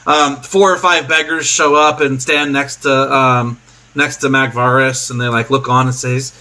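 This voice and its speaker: A man's voice: mid-range voice, little pitch movement, unhurried, bright, forceful tone. A man narrating a tabletop game as game master, loose and rambling, often laughing.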